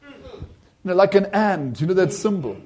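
A man's voice: high voice, animated, normal speed, darkish tone. A man preaching a sermon, retelling a vision and acting out the voices in it with rising emphasis.

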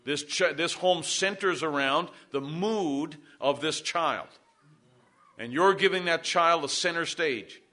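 A man's voice: on the high side, slow pace, sharp tone. A middle-aged male pastor preaching a sermon, pressing points with emphasis and calling for amens from the congregation.

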